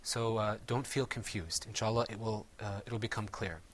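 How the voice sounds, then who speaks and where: This man runs a Quran recitation class, where he patiently quizzes the learners and drills words slowly with them. His voice is on the low side with a steady tone, and a faint hiss or hum can be heard.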